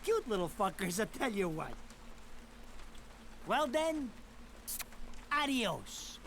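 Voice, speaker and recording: A man's voice: high voice, big pitch swings, takes it slowly, gravelly, a bit bright, a little hiss or hum, full character voice. An actor playing a crude, griping mob errand man in a video game cutscene, with a nasal, whiny voice. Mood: griping banter. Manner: crude, griping, panicky when scared. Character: foul-mouthed whiny middle-aged male mob errand man.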